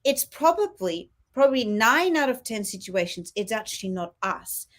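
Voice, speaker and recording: A woman's voice: a little high, normal speed. A woman co-hosting a casual spiritual chat show, talking earnestly and acting out little quoted exchanges. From Australia. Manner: earnest, with lively quoted asides. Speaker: co-host.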